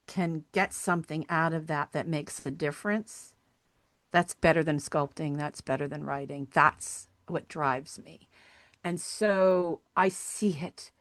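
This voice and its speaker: Middle-aged woman guest, earnest and animated, low-ish voice, dry studio-close sound. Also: dry recording. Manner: earnest, animated storyteller acting out quoted voices. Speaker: podcast guest, sculptor and hiking group founder. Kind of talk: conversational storytelling interview.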